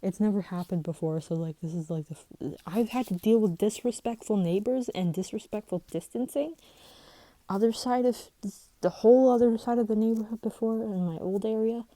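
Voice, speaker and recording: A woman's voice: medium pitch, normal speed, mellow, no echo, low-quality recording. A woman vlogger telling a story in a rambling, heated way, swearing and restarting often. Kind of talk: casual storytelling vlog.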